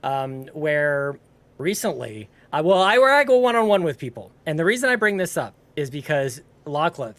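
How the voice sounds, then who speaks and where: A man's voice: on the high side, big pitch swings, moderate pace, a bit bright. A man hosting a gaming podcast, joking around in casual, playful banter with a co-host.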